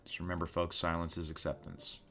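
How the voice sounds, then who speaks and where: A man narrating a tabletop game as game master, relaxed and unhurried with frequent fillers. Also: low-pitched, a little hiss or hum.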